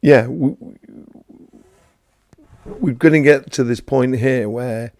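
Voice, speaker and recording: Gravelly, mellow man, rambling chat. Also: medium pitch, slow. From London, England. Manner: rambling, chatty, greets viewers by name, many fillers. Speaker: host of a live Q&A stream. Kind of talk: casual spiritual talk answering viewers.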